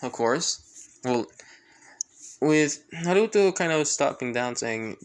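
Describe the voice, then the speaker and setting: Improvised fan-story narrator who rambles and restarts, middle-pitched voice. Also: lively intonation, slow, long pauses. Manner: rambling, full of restarts and fillers.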